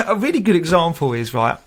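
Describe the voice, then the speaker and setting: Chatty storytelling man, higher voice. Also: big pitch swings, normal speed, a bit bright, breathy edge. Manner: chatty, laughs often, acts out quoted voices. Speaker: guest, tech recruiter. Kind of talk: casual interview storytelling.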